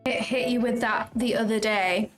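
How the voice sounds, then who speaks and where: A woman's voice: on the high side, fairly even intonation, normal speed. A young woman hosting a casual livestream, chatting in an effusive way and often saying "like" and "um". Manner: chatty and effusive, drops in lots of "like" and "um". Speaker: trading livestream host. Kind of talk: casual livestream chat, reading out viewer comments. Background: faint background music.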